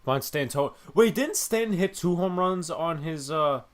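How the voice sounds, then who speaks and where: A man's voice: a little high, lively intonation, moderate pace. A young man co-hosting a podcast, reacting live to a ballgame, cheering and swearing casually. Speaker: podcast co-host. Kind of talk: live game-watching reaction chat.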